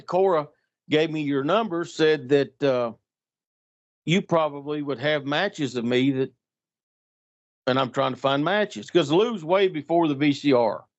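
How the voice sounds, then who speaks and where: With a slightly high voice, an unhurried pace and frequent pauses, a middle-aged man tells an anecdote in casual talk. He is the guest storyteller and acts out everyone's voices with animation. The audio sounds dull and lo-fi.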